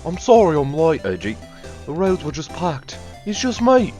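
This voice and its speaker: A man's voice: a little high, very animated, moderate pace, darkish tone, soft background music. A man voicing a jolly, boisterous older male police chief in a game reading, swapping comic accents as he goes. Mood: hammy.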